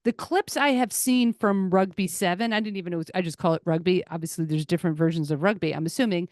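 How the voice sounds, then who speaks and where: A woman's voice: fairly low pitch, fast talker, no room sound, studio quality. A woman hosting a podcast, gushing and rambling through casual sports talk. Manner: excitable, gushing, rambling storyteller. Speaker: podcast host.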